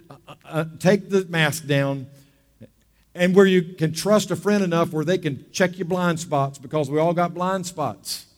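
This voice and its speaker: A man preaching a sermon with fervent delivery, reading scripture and swinging between loud bursts and hushed asides. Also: on the high side. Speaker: pastor.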